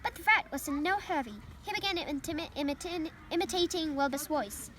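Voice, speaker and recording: A woman's voice: high-pitched, a little fast, a bit bright. A young woman from Ukraine, a native Ukrainian speaker, carefully reading a children's novel aloud in English with small slips. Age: young adult. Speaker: reader.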